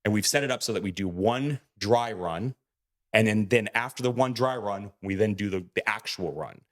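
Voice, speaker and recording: Lower-voiced man telling a story. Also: normal speed. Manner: animated retelling, acts out quoted lines, swears freely. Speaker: podcast co-host. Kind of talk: casual storytelling.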